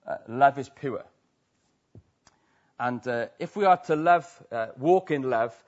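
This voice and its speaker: A man's voice: mid-range voice, lively intonation, slow pace, long pauses, dull audio. A man from Wales with a Welsh accent preaching a sermon to a church, talking conversationally with many tag questions.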